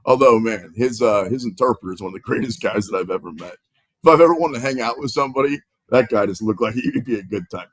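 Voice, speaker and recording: A man hosting a sports podcast, moving briskly from topic to topic. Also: medium pitch, no echo. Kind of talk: casual sports talk.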